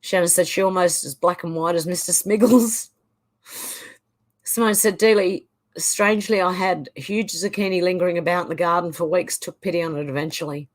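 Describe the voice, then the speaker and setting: A woman's voice: on the low side, steady tone, normal speed. A middle-aged woman hosting a live stream, reading viewer comments aloud with frequent laughter. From Australia. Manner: reads comments aloud, often laughs and chuckles. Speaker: livestream host reading chat. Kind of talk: casual chat reading out comments.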